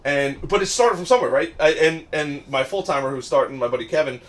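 Fast-talking male podcast host. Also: fairly high pitch. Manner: rambling, quick, peppers talk with "right?". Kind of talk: casual storytelling chat.

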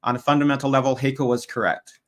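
A man's voice: mid-range voice, little pitch movement, fast, a bit bright. A man giving a debate opening statement, working methodically through prepared slides and making pointed jabs at his opponent.

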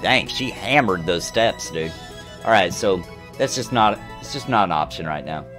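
A man casually commentating while he plays a video game, excitable and talking to himself as he reads the game text aloud. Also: sits low, normal speed, soft background music. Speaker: streamer playing a video game.

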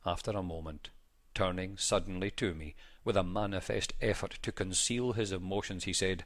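Male reader, low voice, measured formal delivery of an old account. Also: fairly even intonation. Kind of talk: scripted reading of an old first-person account.

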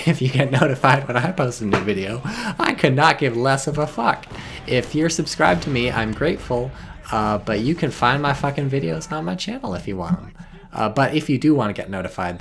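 A man's voice: mid-range voice, creaky, fairly bright tone, a little hiss or hum. A man streaming a strategy game, talking in a rambling, profane, sardonic way and reading out chat messages. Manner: reads chat messages aloud. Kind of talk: casual live-stream commentary.

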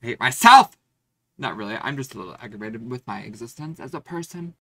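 A man's voice: medium pitch, lively intonation, brisk, sharp tone. A man vlogging to his phone outdoors, rambling and profane, swinging between muttering and ranting. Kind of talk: casual vlog talk to camera. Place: outdoors on a city street. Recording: phone audio with traffic noise.

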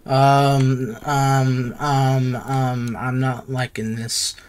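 A man's voice: medium pitch, level tone, extremely slow, clear, resonant tone. A man playing a horror game on his channel, scared and jittery, repeating the same words over and over and calling everyone "bro". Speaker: gaming youtuber.

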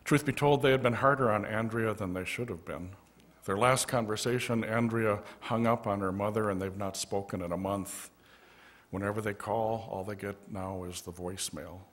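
Brief: male pastor, slightly low voice, gentle storyteller in a church sanctuary. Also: steady tone, moderate pace. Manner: gentle storytelling with soft asides. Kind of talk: storytelling sermon.

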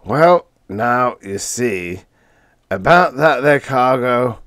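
A man's voice: on the low side, lively intonation, a little slow, no room sound, clean studio sound, voice pushed up. A man doing a worried, weary space captain. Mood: anxious. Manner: anxious, weary, hedging.

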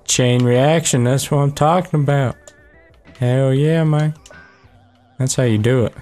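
A young man commentates a video game in a loose, brash and profane way, getting excited as he plays. His voice sits at an ordinary middle pitch for a man. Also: measured pace, soft background music. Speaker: gaming channel host. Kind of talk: casual let's play commentary.

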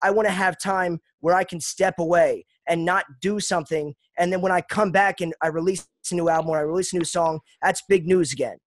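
A man's voice: high voice, fairly even intonation, fairly quick, hardly any pauses, no room sound. A man from Pennsylvania, a rapper interviewed as a guest, talking in an earnest, reflective and self-deprecating way. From Lancaster, Pennsylvania. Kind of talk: casual interview chat.

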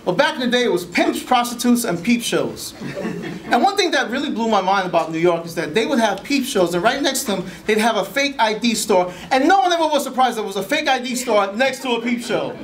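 A man's voice: very high voice, animated, a little fast. A man in his forties telling comic stories on stage, with a playful, wry manner. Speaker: solo performer.

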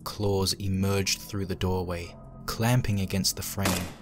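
A man reading a horror fanfic aloud with hushed, dread-filled narration. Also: low-pitched, flat delivery, measured pace, over loud music. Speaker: fanfic reader.

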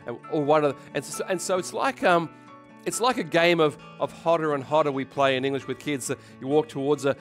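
A middle-aged male pastor giving a sermon in an animated preaching manner, acting out voices and calling out loud. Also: fairly high pitch, brisk, faint music behind.

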